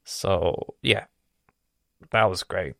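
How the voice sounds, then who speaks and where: Gravelly-voiced young man rambling casually. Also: sits low, very slow, sharp tone, no room sound, studio quality. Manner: profane, rambling, with many fillers and restarts. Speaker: vlogger.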